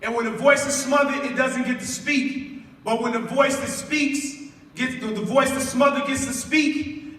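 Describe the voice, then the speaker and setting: High bright voice of a man preaching in a hall. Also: steady tone, unhurried. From West Side of Chicago, USA. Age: 40s. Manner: preacherly, call-and-response, rising to loud emphatic delivery. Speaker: spoken word poet and speaker. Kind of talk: motivational speech to a school audience. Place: large school hall. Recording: echoey hall from far off.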